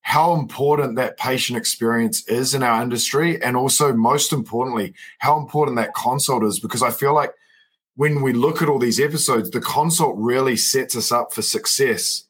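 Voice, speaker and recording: Male podcast host, husky voice, earnest and reflective, mid pitch. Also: fairly bright tone. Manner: earnest, thoughtful, halting restarts. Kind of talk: casual podcast chat.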